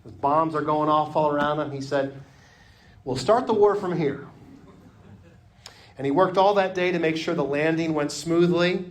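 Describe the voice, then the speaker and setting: A man preaching a sermon as pastor, earnest, often dropping to a hush on key phrases. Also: a little high, normal speed, long pauses.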